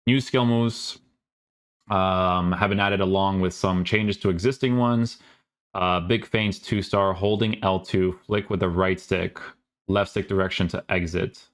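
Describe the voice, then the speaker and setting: Male gamer host, deep voice, offhand sarcastic reactions while reading patch notes. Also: fairly even intonation, measured pace. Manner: casual, sarcastic asides, many fillers. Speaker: gaming YouTuber.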